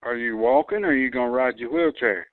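A man's voice: medium pitch, fast, no echo. A puzzled, laconic man answering a prank call, giving short replies and asking who is calling. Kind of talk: phone conversation. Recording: tinny phone line.

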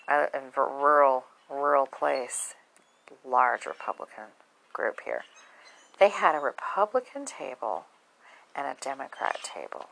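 A woman speaking in a low, deep voice. She talks to her viewers in a blunt, outspoken way, swearing freely and not holding back. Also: vocal fry, fairly bright tone, low-quality recording. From southern United States. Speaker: vlogger. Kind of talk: casual monologue to camera.

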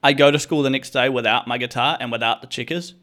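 A man's voice: medium pitch, fast. Young male host, casual comic storyteller, profane and slangy, talks straight to the listener. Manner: animated, swearing, slangy, addresses listener as bro. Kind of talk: casual comedic storytelling rant.

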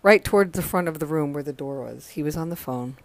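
A woman's voice: deep voice, a little fast, no room sound. Overtired New woman, rambling. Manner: rambling, self-correcting, acts out quotes. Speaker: podcast host. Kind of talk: casual storytelling monologue. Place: home.

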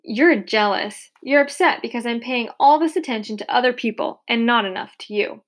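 A woman's voice: a little high, normal speed, natural voice. A woman voicing a playful, caring teenage girl who teases and coos in an audiobook reading. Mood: teasing. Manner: teasing, cooing.

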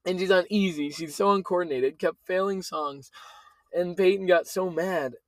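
A man's voice: sits high, moderate pace, poor audio. A young man co-hosting a casual family chat podcast, joking, laughing often and restarting his sentences. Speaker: podcast co-host.

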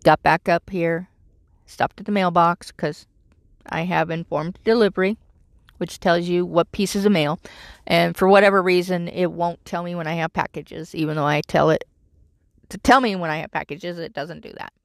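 A woman's voice: fairly low pitch, fairly even intonation, normal speed, creaky, no echo, studio quality. A middle-aged woman vlogging casually, telling a rambling, exasperated story about her troubles. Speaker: vlogger living in her vehicle. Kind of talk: casual chat.

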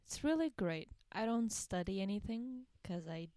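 A nineteen-year-old woman chats on her podcast in a mid-range voice, quick to giggle. She talks loosely about her life with a friend. The recording is dry and close. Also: medium pitch, animated, warm tone, dry recording. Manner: giggly, breaks into laughter. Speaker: podcast co-host. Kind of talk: casual chat.

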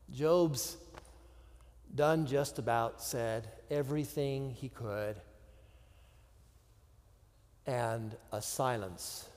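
A man preaching a sermon, with dramatic pauses and drops to a hushed voice. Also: mid-range voice, in a large hall. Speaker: pastor.

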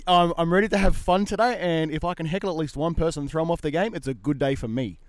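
A man's voice: a little high, fast, no echo. A man, a shooting competitor, answering in a laid-back, self-mocking way. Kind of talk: casual interview answers.

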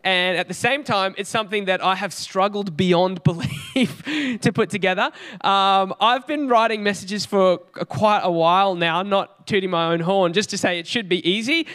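A man's voice: sits high, fairly bright tone, clear, resonant tone. An Australian man preaching a sermon in an earnest, chatty storytelling way, often with a light laugh. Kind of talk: conversational sermon.

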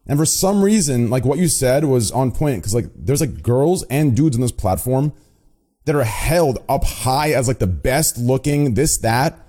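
A man's voice: medium pitch, lively intonation, measured pace, mellow. A young man streamer rambling and swearing in a casual group call, repeating himself to make a point.

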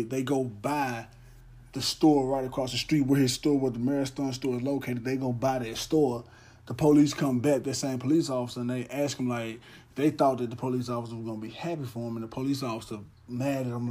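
A young man with a dark, mellow voice hosts a podcast alone, talking in a loose, earnest monologue. He speaks with heartfelt conviction and often stumbles back over his words before pushing on. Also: medium pitch, fairly even intonation, a little fast. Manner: earnest, heartfelt storytelling with many restarts. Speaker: podcast host. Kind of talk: casual monologue.

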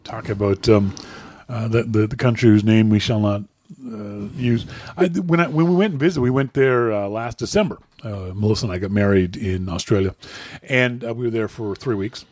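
A man from North America chatting casually, questioning things with jokey, animated disbelief. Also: on the low side, moderate pace, dry recording. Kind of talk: casual chat.

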